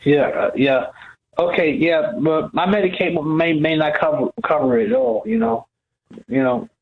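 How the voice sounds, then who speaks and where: A male caller to a radio show, talking haltingly and repeating his words. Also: a little high, expressive, slight background noise. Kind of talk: phone-in call. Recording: tinny phone line.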